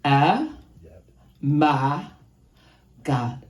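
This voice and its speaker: A woman's voice: sits low, expressive, extremely slow. A woman from Chicago with a nasal voice and a Chicago accent doing a rambling, crude, self-deprecating stand-up set. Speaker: stand-up comedian. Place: stage in a comedy venue. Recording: echoey room.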